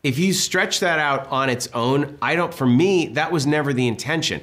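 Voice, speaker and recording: A man, a film director being interviewed, telling stories in an animated, enthusiastic way. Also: fairly high pitch, moderate pace. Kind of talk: casual interview talk.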